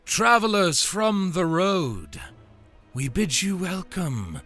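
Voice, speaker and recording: A man voicing a pompous cloaked male cult leader who speaks slowly and grandly, as in a tabletop game. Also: sits high, sing-song, a bit bright, faint music behind, voice pushed up, heavily acted. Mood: grandiose. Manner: slow, grand, ceremonial delivery.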